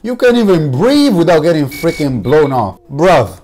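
A young man giving gameplay commentary, full of loud, exasperated reactions and constant swearing. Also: on the high side, big pitch swings, moderate pace. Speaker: gaming YouTuber. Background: background music.

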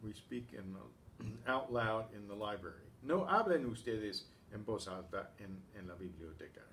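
A man teaching a class, speaking slowly and patiently and clearing his throat often. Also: on the low side, lively intonation, a bit bright, a little hiss or hum. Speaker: Spanish teacher. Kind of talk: class lesson.

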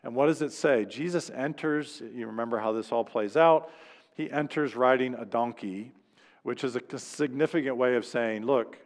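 A man's voice: mid-range voice, moderate pace, big-room sound. A man preaching a sermon as pastor in a church, speaking conversationally and acting out quoted lines. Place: church sanctuary.

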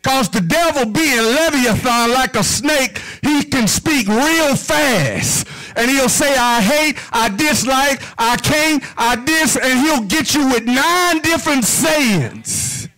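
High-voiced preacher man, rhythmic sermon. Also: animated, slow pace, hardly any pauses, sharp tone, low-quality recording. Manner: rhythmic, call-and-response preaching.

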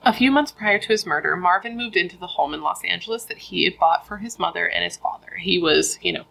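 Woman, young adult, true crime storyteller, casual chatty delivery, vocal fry. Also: lowish voice, fairly quick, bright, forceful tone, rough recording. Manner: chatty, frequent "like" fillers.

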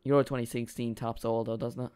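A young man streaming a football watch-along, rambling and excitable as he chats with his viewers. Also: medium pitch, fast talker, smooth.

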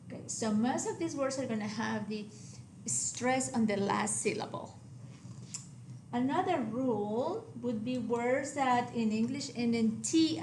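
A woman teaching a recorded Spanish lesson, patient and steady, often checking in with "okay?" and repeating word pairs slowly for her students. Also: fairly high pitch. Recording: echoey room, faint background hiss.

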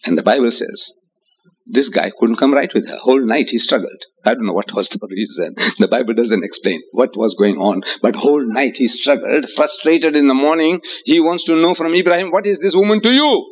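An older man with a South African accent giving a religious lecture to an audience, acting out quoted voices with rising pitch. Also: moderate pace. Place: hotel lecture hall with audience.

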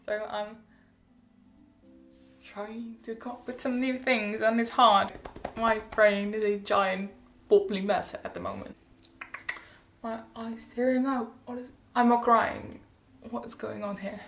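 Teen girl, chatty vlogger, bubbly and rambling, slight fry; roomy sound, light music bed. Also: a little high, level tone, slow. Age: teens. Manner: bubbly, rambling, giggly, self-correcting. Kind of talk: casual chatty update vlog.

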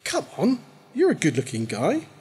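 A confident young woman with a teasing, persuasive way of speaking, as a man reads her part aloud. Her voice sits higher and lighter, with a husky edge. She sounds like a character from a spoken story reading. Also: wildly swooping pitch, moderate pace, a little mellow, full character voice. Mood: coaxing.

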